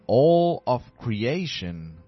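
A man preaching a sermon slowly and emphatically, repeating key phrases. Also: medium pitch, big pitch swings. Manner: slow emphatic preaching with repetition. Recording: dull lo-fi sermon recording.

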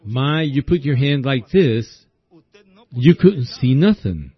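A man preaching a sermon at an unhurried, drawn-out pace, telling stories in a folksy way and often stopping to ask "see?". His voice sits at a middle pitch. The recording is dull and lo-fi. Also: animated, husky. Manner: slow folksy storytelling, keeps asking "see?".

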